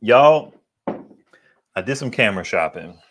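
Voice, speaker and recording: Deep bassy guy rambling to his viewers on a vlog, slangy and candid, wanders off topic a lot. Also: lively intonation, measured pace, a little hiss or hum. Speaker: solar equipment YouTuber. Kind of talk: casual vlog chat.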